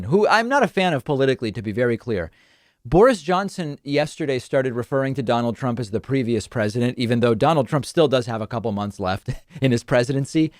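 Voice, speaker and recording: A man's voice: mid-range voice, darkish tone, no echo. Dry-voiced male political show host. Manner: wry, amused commentary. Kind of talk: solo political commentary.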